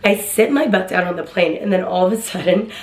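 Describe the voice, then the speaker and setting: A young woman tells a story to the camera in a chatty, excitable way and plays out each quoted line in a higher voice. Her speaking voice sits a little low for a woman. The room around her is roomy and echoes. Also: a little fast. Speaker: vlogger. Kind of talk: casual storytime.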